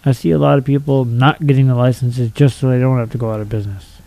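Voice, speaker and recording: A young man reads out a list of strange laws and tears into each one with crude, mocking commentary. His voice sits at a middling pitch with a mellow, dark tone. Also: fairly even intonation, fast, gravelly, poor audio. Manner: blunt, profane and mocking. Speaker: video commentator. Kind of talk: reading out and ranting about silly laws.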